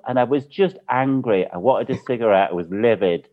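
A British man telling a lively anecdote in casual chat, laughing as he goes. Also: medium pitch, a little fast, few pauses. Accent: British English. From Britain. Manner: chatty storyteller, laughs often. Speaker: guest. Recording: phone-like narrow sound.

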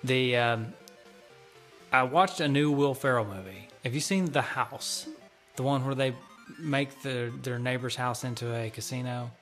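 A man's voice: mid-range voice, a little slow, a bit bright, faint music behind. Teasing, opinionated podcast man. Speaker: podcast co-host. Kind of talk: casual podcast chat.

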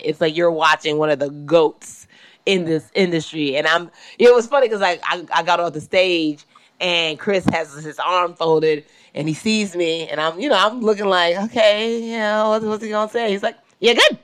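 Laughing woman podcast host, smooth voice. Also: low voice, moderate pace, no echo. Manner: laughing, animated storytelling. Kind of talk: casual chat.

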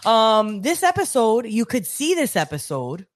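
A woman in her thirties co-hosting a podcast, chatting casually and acting out her child's words in an animated way. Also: a little high, measured pace. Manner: animated storytelling, acts out her daughter's lines. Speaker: podcast co-host. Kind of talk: casual chat.

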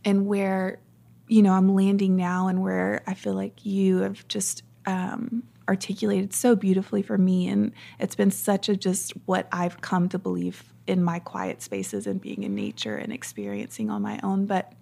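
Husky gravelly woman, soft and earnest. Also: medium pitch, moderate pace. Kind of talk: heartfelt casual conversation.

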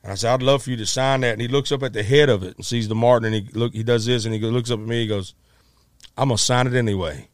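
A middle-aged man, a musician, telling a story in a casual, animated way, acting out quotes with many restarts. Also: mid-range voice, racing, few pauses, smooth, no room sound, studio quality.

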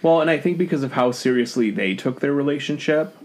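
A man's voice: mid-range voice, lively intonation, fairly quick, over a noisy crowd. A man as a podcast guest in casual chat, opinionated and often restarting his sentences.

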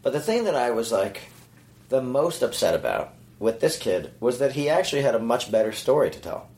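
A man's voice: mid-range voice, very animated, brisk, darkish tone. A man from Canada, co-hosting a late-night chat, telling a story loosely and acting out the voices of people in it. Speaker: podcast co-host. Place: hotel room at night.

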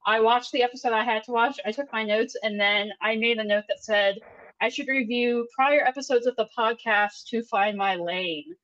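A woman guest chats on a podcast with wry, self-mocking humor. Her voice sits on the higher side, and her delivery stays playful and dry. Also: moderate pace, a bit bright, muffled recording. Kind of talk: casual chat.

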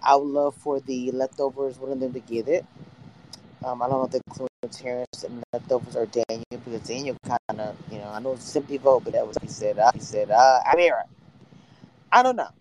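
A man's voice: medium pitch, brisk, darkish tone, a little hiss or hum, low-quality recording. A man giving a casual live reaction to a reality show, hesitant with many fillers.

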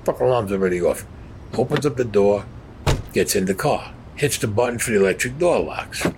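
Speaking fairly quickly in a lowish, animated voice, a man tells stories from his own past bluntly and profanely, often acting out what people said. There's noise in the background.

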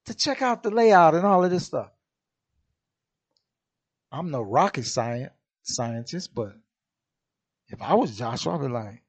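A man hosts a podcast in an impassioned monologue, blunt and profane with heavy street slang. He talks slowly while his pitch swings widely for emphasis. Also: big pitch swings. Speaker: podcast host.

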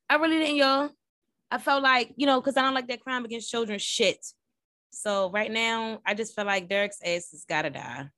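A woman's voice: mid-range voice, fairly bright tone, no room sound, studio quality. A young adult woman hosting a casual live podcast recap, talking straight to her listeners in a rambling, blunt and profane way. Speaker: podcast host.

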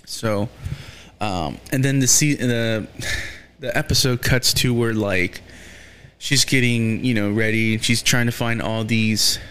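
In a loose, casual recap of a series' episodes, a man rambles, restarts sentences, leans on fillers, and swears freely when heated. His middle-pitched voice is clear and resonant, with a fairly bright tone, fairly even intonation, and an unhurried pace.

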